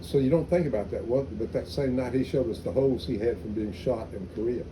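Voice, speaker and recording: Against a noisy background, an elderly former soldier talks about his time in the army for an oral history project. His medium-pitched voice moves fairly quickly as he wanders through stories, often starting over mid-thought.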